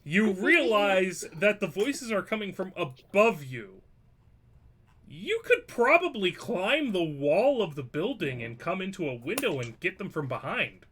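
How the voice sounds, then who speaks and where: A man's voice: high voice, very animated, measured pace, a bit bright, slightly rough. A man acting as game master, joking and hedging as he runs a tabletop game online, swearing now and then.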